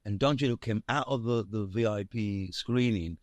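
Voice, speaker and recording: A man, an actor from Nigeria, talking in a relaxed interview and telling animated anecdotes full of fillers and restarts. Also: fairly low pitch, moderate pace, no echo. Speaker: actor, guest. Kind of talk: casual interview chat.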